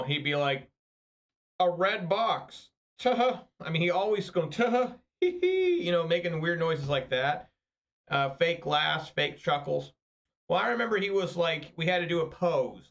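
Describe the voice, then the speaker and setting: Male, 30s, card game streamer; loose, profane storyteller; slightly raised pitch; dull lo-fi sound. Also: a bit bright. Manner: rambling, profane, chatty storyteller. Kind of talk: casual gameplay commentary. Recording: slightly muffled lo-fi recording.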